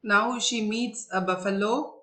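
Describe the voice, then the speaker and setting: A woman's voice: medium pitch, steady tone, a little slow, bright, forceful tone. A woman teacher explaining a story to young children, repeating herself, searching for words and asking them questions.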